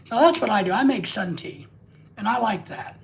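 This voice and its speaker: A man's voice: high voice, lively intonation, normal speed, gravelly. A man hosting a live stream, rambling and joking casually with crude asides.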